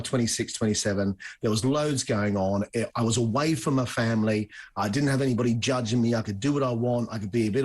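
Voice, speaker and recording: A man's voice: mid-range voice, breathy edge. An Australian man in his fifties, an upbeat and enthusiastic guest chatting in a studio interview. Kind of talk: casual interview chat.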